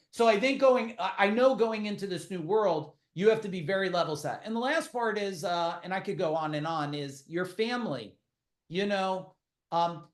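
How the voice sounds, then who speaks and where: A middle-aged man, a podcast guest, tells blunt, profane stories in casual interview talk, full of quick asides. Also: sits high, reverberant.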